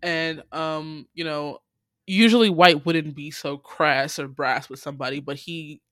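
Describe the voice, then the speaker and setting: A woman in casual chat, excitedly recapping a drama episode, quoting the characters and swearing freely as she laughs. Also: low-pitched, measured pace, dry recording, clean studio sound. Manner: animated storytelling, quotes characters, laughs often, swears freely. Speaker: podcast co-host recapping a drama.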